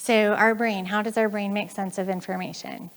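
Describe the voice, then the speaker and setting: A woman with an American accent giving a chatty, animated conference talk, often acting out the voices of the people in her stories. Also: mid-range voice, moderate pace. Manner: chatty, animated, acts out quoted voices, frequent laughs. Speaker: conference speaker.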